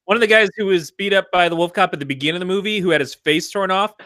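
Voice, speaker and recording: A man's voice: high-pitched, rapid-fire, bright, forceful tone, dry recording, low-quality recording. A man co-hosting a podcast, recounting a movie scene in casual, profane chat. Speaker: podcast co-host.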